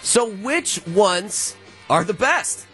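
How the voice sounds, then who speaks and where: Animated high-voiced man. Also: extremely slow, soft background music. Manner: animated, jokey presenting. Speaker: show producer presenting a segment. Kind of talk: playful morning show segment.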